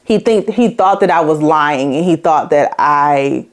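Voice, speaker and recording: A woman's voice: sits low, measured pace. A woman in her forties hosting a podcast, telling a personal story in a blunt, profane, conversational way with slang, getting emotional and laughing through hard memories. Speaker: podcast host.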